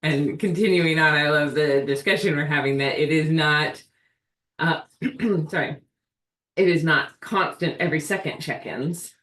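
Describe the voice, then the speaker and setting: A woman with a low, fairly bright voice, speaking a little slowly, hosts a healing ministry's live Q&A over video call, earnest and thinking aloud. She's far from the mic, and the room echoes.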